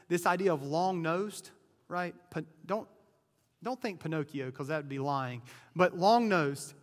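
A man's voice: a little high, fairly bright tone, big-room sound. A man preaching a sermon as pastor, talking casually, often restarting words and checking in with "right?". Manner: conversational, repeats words, frequent "right?".

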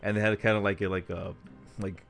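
A man's voice: on the low side, level tone, fairly quick, creaky, a bit bright, soft background music. A man co-hosting a podcast, recounting a news story in rambling casual talk with repeated words and chuckles. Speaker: podcast co-host.

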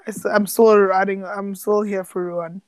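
A woman's voice: mid-range voice, normal speed, clean tone. A South African woman co-hosting a podcast, ranting bluntly and teasingly in a casual reality-TV recap chat. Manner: blunt, animated, teasing rants. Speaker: podcast co-host.

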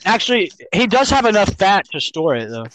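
A man's voice: high-pitched, big pitch swings, fairly quick, fairly bright tone, slight background noise, low-quality recording. A teenage young man chatting casually with friends as a podcast guest, teasing and joking.

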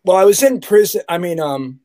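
A man's voice: high-pitched, animated, a little fast, dark tone, dry recording, clean studio sound. A man who is a guest on a podcast, telling stories in a joking, rambling way in casual chat. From California. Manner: jokey, rambling storyteller.

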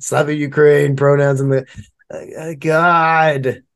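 Laughing, swearing man, higher voice. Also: level tone, takes it slowly, creaky, fairly bright tone, clear, resonant tone. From United States. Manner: laughs often, swears freely. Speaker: podcast co-host. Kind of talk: casual profane banter.

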